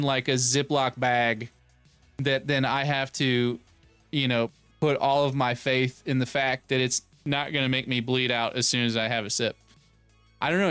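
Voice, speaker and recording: A man's voice: mid-range voice, fairly bright tone, clear, resonant tone, dry recording. A man in his thirties hosting a casual live stream, rambling and joking as he reads chat aloud and riffs on it. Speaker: streamer host.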